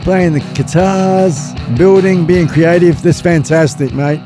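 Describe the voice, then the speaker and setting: A man's voice: on the high side, steady tone, measured pace. An English man hosting a live stream, chatting casually and rambling with jokes and many fillers. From England. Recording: music playing behind.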